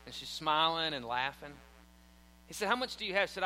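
A man's voice: a little high, expressive, fairly quick, bright, forceful tone. A man preaching a sermon in church, telling a story animatedly and acting out the quotes. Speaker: pastor. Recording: long hall reverb.

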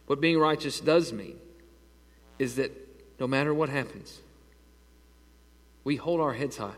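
A man in his thirties preaching a conversational sermon and telling stories with growing excitement. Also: a little high, big-room sound. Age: 30s. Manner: conversational preaching, animated storytelling. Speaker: pastor.

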